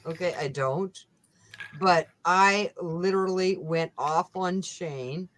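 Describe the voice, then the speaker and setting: Brief: woman, unhurried and blunt, swears freely, laughs a lot, casual live chat. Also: lowish voice, a little hiss or hum, rough recording. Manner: blunt, profane, laughs often.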